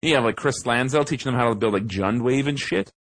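A young man co-hosting a casual podcast, ranting in an animated, profane way. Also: medium pitch, quick pace, background noise. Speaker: podcast co-host.

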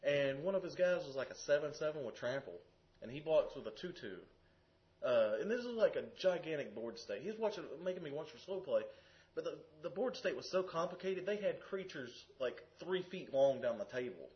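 A man's voice: on the high side, animated, fairly quick. A man on a casual podcast who works as a card game judge, telling stories and explaining the rules. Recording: dull lo-fi audio.

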